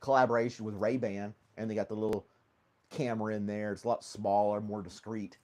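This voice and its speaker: A man's voice: on the low side, level tone, fairly quick, a little mellow. A man hosting a casual live stream from home, rambling easily, laughing often and greeting viewers by name. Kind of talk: casual chat with live chat readers.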